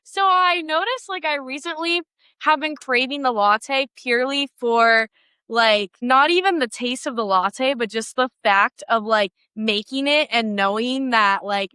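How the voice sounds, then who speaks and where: Young woman, chatty podcast host, high voice, crisp and smooth, dry close sound. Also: animated, a little slow, sharp tone, no echo. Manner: bubbly and gushing, lots of "like" fillers. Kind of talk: casual solo podcast talk.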